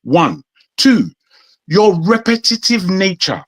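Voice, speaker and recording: British accent guy arguing hard on a panel, pretty high-ish voice, keeps repeating himself. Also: big pitch swings, takes it slowly, no echo. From Nigeria. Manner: forceful, indignant, repeats phrases. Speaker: debate guest. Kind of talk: heated panel debate.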